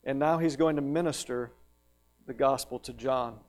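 A man preaching a sermon, emphatic, rising to loud peaks and dropping to hushed questions. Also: medium pitch. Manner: slow, drawn-out delivery on lists.

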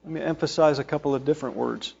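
Emphatic preacher man, slightly high voice. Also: fast, creaky, breathy edge, lo-fi sound, soft background music. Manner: emphatic, rising to loud stressed phrases then dropping low; reads and explains scripture verse by verse. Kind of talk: sermon.

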